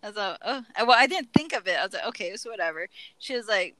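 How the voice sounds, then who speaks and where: A woman's voice: on the high side, lively intonation, quick pace, fairly bright tone, no room sound, poor audio. A woman co-hosting a podcast, telling stories casually and acting out quoted lines with laughter. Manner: storytelling with quoted asides and laughter. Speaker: podcast co-host. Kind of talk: casual chat.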